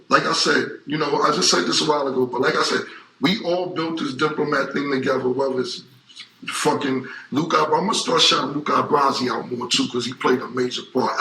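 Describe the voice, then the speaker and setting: In a casual interview, a guest in his forties speaks with a medium-pitched, gravelly, sharp-toned voice. He is emphatic, repeats himself, and uses profane street language, all captured with a roomy echo.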